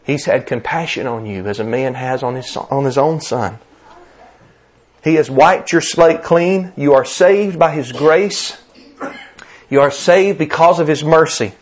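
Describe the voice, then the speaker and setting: An older man with a Southern US accent preaching a sermon, driving his points home with emphatic repetition and rising stresses. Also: medium pitch. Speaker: pastor.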